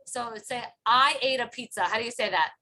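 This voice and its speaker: A woman's voice: fairly high pitch, a little fast, sharp tone. A woman teaching a Hebrew class over a video call, patiently drilling phrases with her students and often laughing. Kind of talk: online class instruction.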